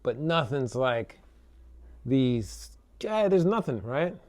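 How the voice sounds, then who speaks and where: A man who builds guitars, casually demoing one in a relaxed, chatty way with lots of fillers and tag questions, electric guitar playing between his remarks. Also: medium pitch, slow. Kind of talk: casual product demo talk.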